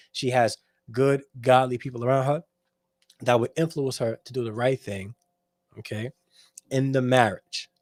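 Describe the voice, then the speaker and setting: A man's voice: mid-range voice, darkish tone, no echo, clean studio sound. A man hosting a livestream, giving preachy dating advice with emphatic restarts and frequent checks with his audience. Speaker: host.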